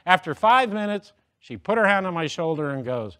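A man's voice: sits high, sing-song, normal speed, bright, forceful tone. Joking man giving a speech. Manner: joking, self-deprecating storyteller. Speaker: motivational speaker. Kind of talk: humorous speech to an audience.

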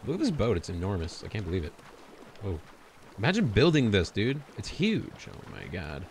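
A man's voice: lowish voice, huge pitch swings, moderate pace, a little mellow, slight background noise. A man streaming a video game, chatting to himself in a goofy, joking way. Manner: goofy, self-talking, laughs at his own jokes. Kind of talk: casual gameplay commentary.

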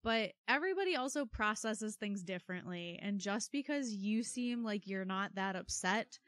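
A woman's voice: medium pitch, moderate pace. Wry woman co-hosting a podcast. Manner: wry, animated storytelling. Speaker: podcast co-host. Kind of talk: casual true-crime podcast chat.

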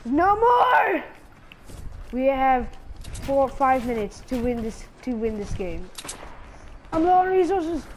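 A woman's voice: sits high, sing-song, slow pace, long pauses, slight background noise. A woman giving frantic live gameplay commentary as a gaming channel host, repeating her pleas again and again. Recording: loud game gunfire under the voice. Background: gunshots and game sound effects.

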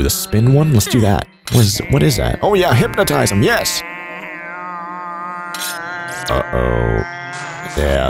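Let's-play gamer, male, very excitable, pitch leaps all over, game music underneath. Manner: excitable, reacting loudly and laughing often. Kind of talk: gameplay commentary.

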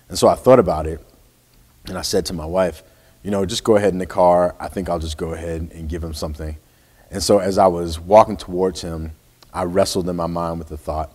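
A man's voice: low voice, a little mellow, in a large hall. A man preaching a sermon, telling a personal story in an earnest way and quoting scripture. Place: church sanctuary.

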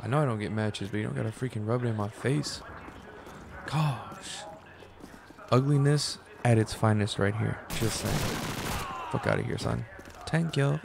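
Man commenting on gameplay, low gravelly voice, swears a lot, loud gunfire noise behind. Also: a little fast. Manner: crude, swearing, jokey. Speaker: gamer.

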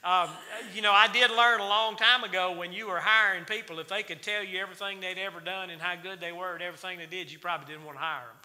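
Male church teacher, sharp ringing tone, folksy Bible-study delivery, echoing sanctuary. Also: high-pitched, steady tone, quick pace, few pauses. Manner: folksy, quizzes the congregation with questions. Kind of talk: Wednesday night Bible study sermon. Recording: reverberant church hall.

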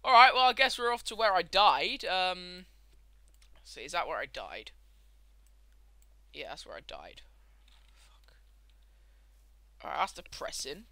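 A man's voice: high voice, unhurried, long pauses, no room sound. A young man with a sweary, ranting manner, commenting casually while he plays a game. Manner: swears a lot, ranting, excitable outbursts. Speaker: gameplay commentator.

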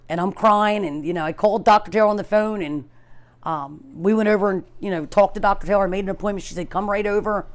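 A middle-aged woman, a performer's mother, speaking hesitantly in a documentary interview, with frequent pauses and retold dialogue. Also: mid-range voice.

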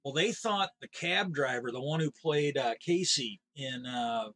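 A man's voice: mid-range voice, a little slow, pushed and bright, low-quality recording. Man rambling through a story. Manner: rambling, meandering retelling. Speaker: live streamer. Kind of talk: rambling casual chat while gaming.

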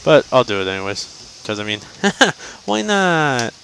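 Slow, rambling male gameplay commentator. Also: fairly low pitch, big pitch swings, a bit bright, slight background noise, poor audio. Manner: rambling, joking asides to himself. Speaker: gameplay guide host.

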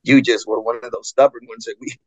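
A man and metal singer chatting in an interview, telling stories with lively acted-out quotes and frequent laughs. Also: medium pitch, quick pace, dry recording, low-quality recording. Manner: animated storyteller, acts out fans' voices, laughs often. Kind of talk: casual interview chat.

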